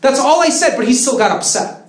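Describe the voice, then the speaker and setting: A man in his thirties from Russia doing live stand-up comedy, lively with flat deadpan punchlines. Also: very high voice, a little fast. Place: comedy stage before a live audience. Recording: roomy live venue with crowd laughter.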